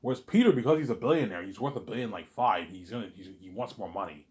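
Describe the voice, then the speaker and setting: A man rambling in a casual monologue, animated and repetitive, arguing with an imagined listener. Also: on the low side, fast talker. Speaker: vlogger.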